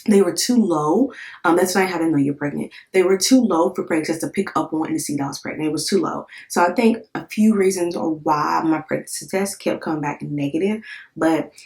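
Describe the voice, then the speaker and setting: A woman's voice: sits low, a little fast, gravelly, darkish tone. A woman in her thirties, a vlogger, telling her personal story in a candid, emotional, conversational way, with lots of fillers and repeated words. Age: 30s. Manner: emotional, candid, swears in quoted thoughts. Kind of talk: casual storytelling to camera.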